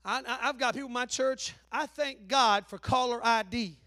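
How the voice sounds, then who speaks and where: A man with an Appalachian accent preaching a sermon in a folksy, joking way, swinging between loud preaching and low asides. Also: moderate pace. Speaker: pastor.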